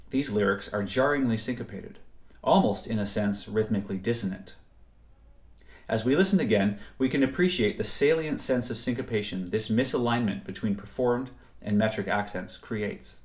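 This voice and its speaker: A man narrating a scripted music theory lecture in a measured, precise way. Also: fairly low pitch. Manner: measured, precise explanatory delivery. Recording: roomy echo.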